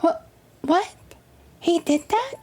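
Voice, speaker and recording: A woman voicing a grieving young woman in a game, high and strained, close to tears. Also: expressive, takes it slowly, mellow, a little hiss or hum, exaggerated voice. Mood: upset, disbelieving.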